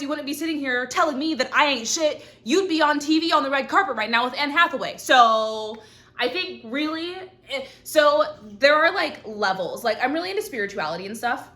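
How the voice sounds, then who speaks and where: A woman's voice: on the high side, animated, fairly quick, sharp tone. A woman hosting her own show, giving frank, profane advice in casual chat to camera from a hot indoor room. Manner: blunt and profane, frank girlfriend-to-girlfriend talk. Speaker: host.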